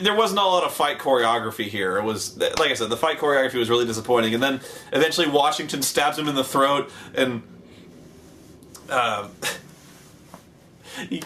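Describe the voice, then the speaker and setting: A man's voice: on the high side, a bit bright, slight background noise. A man giving a comedic review of a television show, sarcastic and profane, retelling scenes with mock voices.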